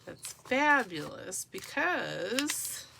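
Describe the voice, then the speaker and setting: A woman's voice: on the high side, big pitch swings, drawn-out words, vocal fry. Rambling woman crafting at home. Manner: rambling, talks to herself while working. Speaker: junk journal crafter. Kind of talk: casual crafting tutorial chat. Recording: noisy home recording. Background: dog and paper rustling.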